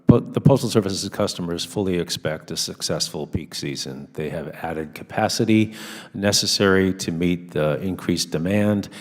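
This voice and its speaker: A man's voice: low-pitched, normal speed. A man giving formal, assured testimony at a hearing. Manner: steady, assured statements. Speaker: hearing witness. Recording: long reverb of a hearing room.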